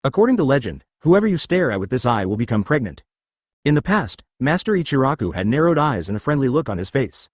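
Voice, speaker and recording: Man narrating with lively pitch. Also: fast talker, no room sound, studio quality. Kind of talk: scripted narration.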